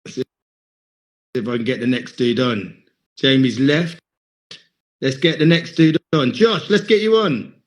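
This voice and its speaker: A man hosting a live call-in boxing show, enthusiastic and quick with praise and repeated encouragement. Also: medium pitch. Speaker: host. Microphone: phone or video call.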